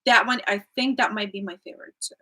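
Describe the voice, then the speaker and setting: Young female co-host, relaxed and hesitant, slightly husky bright voice. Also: medium pitch, fast. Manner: hesitant, laid-back, chatty. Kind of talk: casual chat.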